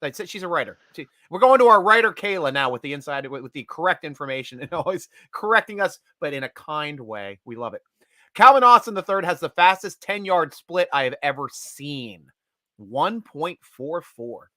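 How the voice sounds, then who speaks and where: Middle-aged man, show host, casual chatter, animated, laughs easily, bright voice, fairly high pitch. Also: moderate pace, no room sound, studio quality. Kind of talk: casual live-stream chat.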